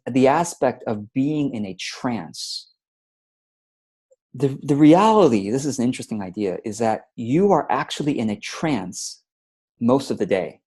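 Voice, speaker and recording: Guy coaching on a webinar, playful and animated, kinda dark husky voice. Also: mid-range voice. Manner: animated and playful, acting out his own inner voice. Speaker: webinar host, productivity coach. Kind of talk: casual webinar talk.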